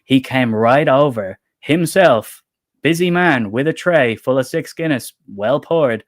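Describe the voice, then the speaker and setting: A man's voice: medium pitch, a little slow. An Irish man from Dublin co-hosting a book channel's livestream chat, telling anecdotes with frequent laughter and casual swearing. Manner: lively storytelling, laughs often, swears casually.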